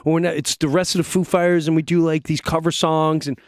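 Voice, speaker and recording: A middle-aged man, a comedian guest, telling an animated story in a casual studio chat and acting out the voices of the people in it. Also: a little high, brisk, no room sound. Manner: acts out voices in his stories, lively and excitable.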